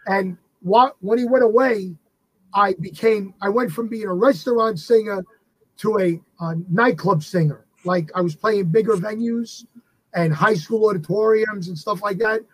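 A husky, fairly high-pitched man in his fifties tells stories as an interview guest. He jumps back into sentences, restarts them, and keeps the anecdotes lively. The sound is dry and close. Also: moderate pace, no echo, low-quality recording. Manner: animated anecdotes with frequent restarts. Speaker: guest entertainer and tribute performer of a famous singer. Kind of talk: casual storytelling interview.

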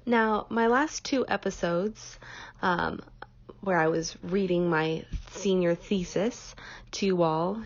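Soft-spoken young woman, a bit nasal. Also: lowish voice, no room sound, lo-fi sound. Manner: relaxed, frequent ums, conversational. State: slightly nasal from a cold. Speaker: podcast host. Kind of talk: casual solo podcast chat.

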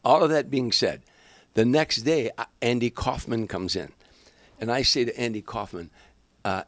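An older comedian tells show-business stories in a loose, animated way, jumping into voices for the people involved. His pitch sits in the middle range for a man. The recording is dry and close. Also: moderate pace, no room sound. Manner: animated, acts out voices, frequent restarts. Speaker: guest comedian. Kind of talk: casual anecdotal storytelling.

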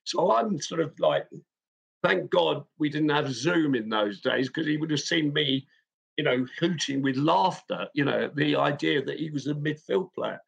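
A football club chairman tells an anecdote. His voice sits a little high and is husky and gravelly. He talks in an animated way, with frequent fillers and false starts. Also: normal speed, dull audio. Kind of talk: anecdotal storytelling.

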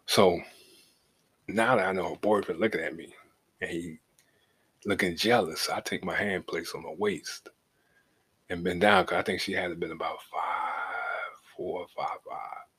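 A middle-aged man with a low, husky voice tells a story from his own life on his podcast. He talks loose and profane and keeps checking in with the listener. His telling swings from laid back to heated. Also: fairly even intonation, a little slow, pauses often, a bit bright. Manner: loose and profane, leaning on "you know what I'm saying". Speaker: podcast host. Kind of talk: casual storytelling.

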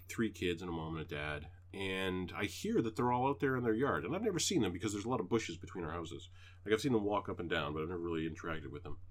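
Animated, swearing male storyteller. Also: deep voice. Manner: animated storyteller, swears freely, acts out quotes. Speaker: podcast co-host. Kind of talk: casual storytelling chat.

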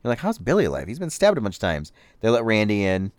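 A man hosting a podcast, casually and jokingly recapping a film, with lots of animated voices. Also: lowish voice, fast, no echo, clean studio sound. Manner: chatty, jokey, animated impressions. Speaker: podcast host.

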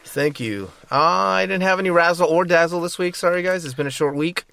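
A man's voice: high-pitched, a little fast, gravelly, crowd noise, noisy background. A man co-hosting a casual podcast with friends, joking around and sometimes putting on a mock ad-read voice. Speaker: podcast co-host. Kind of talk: casual chat among friends.

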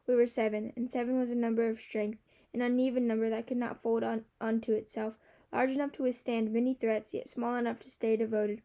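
A woman with a fairly high yet mellow voice reads a novel aloud in the first person. Her delivery is steady and expressive, telling the story from the heroine's point of view. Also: fairly quick. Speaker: audiobook narrator.

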